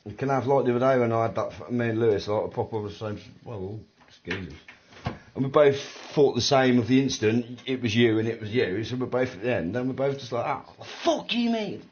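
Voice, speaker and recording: A man's voice: medium pitch, fast, a little mellow, distant mic, a little hiss or hum. A middle-aged man, chatting casually and rambling in slang and swearing while streaming a racing game. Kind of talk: casual chat while gaming. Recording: roomy, dull home mic.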